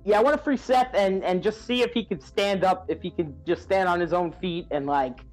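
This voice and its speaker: A man playing in a tabletop game, calmly calling out his dice rolls. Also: high voice, faint music behind. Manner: unhurried, calls out dice rolls. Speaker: player. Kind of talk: casual tabletop play.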